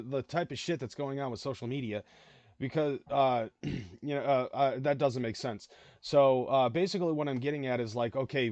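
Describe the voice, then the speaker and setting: A man hosting a live reaction stream, talking in a loose, rambling way. He swears freely and stumbles through fillers and restarts. His voice is at an ordinary pitch, and the sound is dry and close. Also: darkish tone, no room sound. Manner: rambling, profane, many fillers. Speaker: livestream host. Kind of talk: casual reaction commentary.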